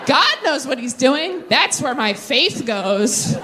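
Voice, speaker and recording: A young woman performs stand-up on a theater stage, her voice a touch high and lively. She tosses out self-deprecating asides and chats with the audience. A faint hum of the room sits behind her. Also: slow. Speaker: stand-up comedian. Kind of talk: stand-up set with crowd work.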